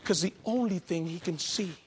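A man preaching a sermon, swinging between loud outbursts and hushed, intimate asides. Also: high-pitched, moderate pace, husky. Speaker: pastor.

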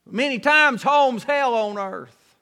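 A man's voice: very high-pitched, slow pace, sharp tone, smooth. A man preaching a sermon, telling a story in a folksy way and acting out its scenes.

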